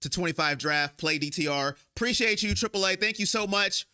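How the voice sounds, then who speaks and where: A man's voice: high voice, fairly quick, pushed and bright, clear, resonant tone. A man hosting a sports fan live stream, emotional and rambling as he vents and talks straight to viewers on his own microphone.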